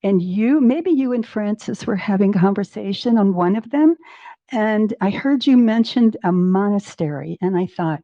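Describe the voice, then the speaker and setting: A woman in her eighties telling her story as a podcast guest, animated, acting out her own inner dialogue and laughing often. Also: medium pitch, moderate pace, no echo, lo-fi sound. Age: 80s. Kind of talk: personal storytelling in an interview.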